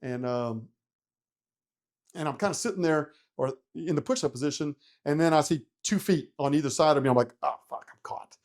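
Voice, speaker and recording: This middle-aged man, a retired helicopter pilot, speaks at a normal pace in a slightly mellow voice on the high side. In a casual interview he recounts a story, playing out his own panic and cursing without restraint.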